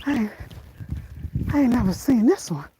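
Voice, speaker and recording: A woman's voice: on the high side, expressive, moderate pace, mellow, slight background noise, close to an everyday voice, poor audio. A woman voicing a curious, friendly male stray dog in a laid-back, pleading way. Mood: puzzled.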